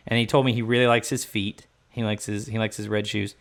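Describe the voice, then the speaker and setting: A man in his thirties with a slightly low voice co-hosts a casual movie podcast. He is chatty and laughs easily, running through box office numbers and stories about his son in a relaxed way. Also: fast, hardly any pauses. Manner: chatty, laughs often, retells his son's reactions. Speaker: podcast co-host.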